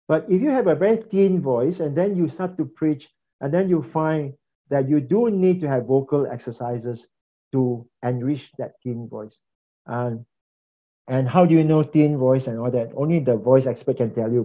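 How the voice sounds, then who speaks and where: A man's voice: medium pitch, expressive, a little slow. A man giving a conversational classroom lecture on preaching, repeating phrases and asking the class questions. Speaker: preaching instructor. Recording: slightly dull lo-fi recording.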